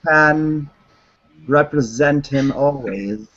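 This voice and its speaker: A man's voice: fairly high pitch, drawn-out words, fairly bright tone. A man talking in a casual, joking way during a video call, telling stories and acting out the people in them. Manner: joking, acts out others' voices in his stories. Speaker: channeler. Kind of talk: casual chat. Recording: dull lo-fi video call audio.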